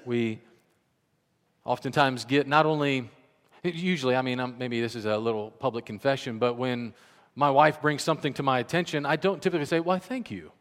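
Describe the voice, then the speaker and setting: A man preaching a sermon in a conversational, animated way, acting out the voices he quotes. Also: medium pitch, a little fast, big-room sound. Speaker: pastor.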